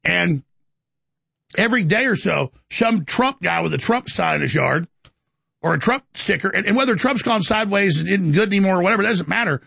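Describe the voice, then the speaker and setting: A man's voice: sits high, animated, fairly quick, creaky, pushed and bright, slightly rough, no room sound. A man hosting a live call-in talk show, ranting about politics in a rambling way with stammering restarts. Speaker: talk show host taking calls.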